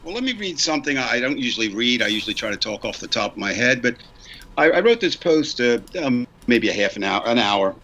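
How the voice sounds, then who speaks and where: A man's voice: medium pitch, very animated, a little fast, sharp tone, muffled recording. A man in his sixties, a podcast co-host, earnestly reading a prepared statement and repeating lines for emphasis. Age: 60s.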